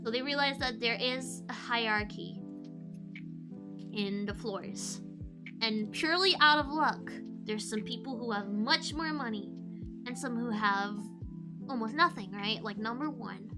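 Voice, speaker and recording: High-pitched lady streamer rambling through a show recap, music playing under her. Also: unhurried. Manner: chatty, rambling, animated.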